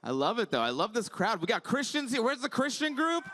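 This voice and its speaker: A man's voice: extremely high pitch, huge pitch swings, fairly quick, noisy background. A man in his thirties doing a stand-up comedy set on a conference stage, chatty and wry.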